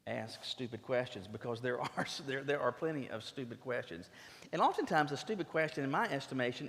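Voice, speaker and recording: A man preaching a sermon as a pastor, emphatic and earnest, often stumbling into quick restarts as he drives his points home. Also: medium pitch. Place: church sanctuary. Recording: long reverb of a church sanctuary.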